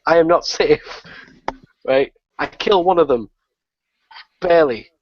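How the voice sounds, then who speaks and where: A man, a guest on a gaming podcast, telling a story in a profane, excitable way and laughing often. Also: on the high side, takes it slowly, no room sound. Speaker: guest gamer. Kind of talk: casual podcast chat. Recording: dull lo-fi podcast audio.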